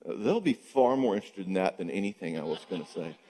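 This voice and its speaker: A low-voiced man gives a casual, conversational talk to a church audience and keeps checking in with quick "okay?"s. His voice carries a long, ringing reverb from the big hall. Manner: acts out quoted people in lively voices. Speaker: marriage conference speaker and counselor. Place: church sanctuary before an audience.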